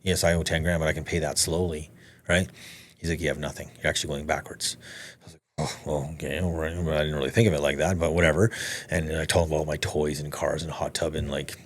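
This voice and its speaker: A man, a podcast guest, telling a story in casual conversation, animated, swearing freely and acting out the dialogue. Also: rumbling low, fast.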